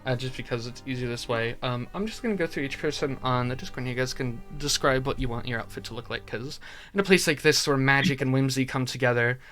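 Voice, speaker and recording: A man's voice: mid-range voice, fast, fairly bright tone, soft background music. A man running a tabletop game as game master, narrating casually with lots of fillers.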